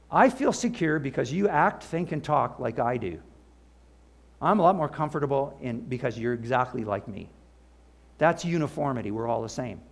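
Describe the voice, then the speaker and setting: An older man preaching a sermon, animated, with asides and the odd laugh, and a gravelly voice. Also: fairly high pitch. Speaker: pastor.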